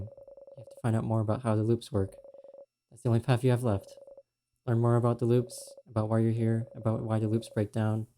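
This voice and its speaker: A man streaming a game, reading its second-person narration aloud in a quiet, steady way. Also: on the low side, fairly quick, slight background noise.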